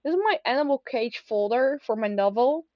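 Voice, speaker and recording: Rambling young woman, halting vlog chat. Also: a little high, lively intonation, no room sound. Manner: rambling, halting, self-deprecating. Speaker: vlogger. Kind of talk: casual confessional chat. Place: at home, seated at a desk. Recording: dry, slightly dull lo-fi.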